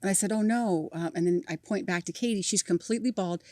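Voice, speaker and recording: A middle-aged woman, a podcast guest telling lively family stories and acting out the people in them. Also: mid-range voice, fast, no echo. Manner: animated storyteller, acting out voices with laughter. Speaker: podcast guest, mother of a cancer patient. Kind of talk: storytelling in an interview.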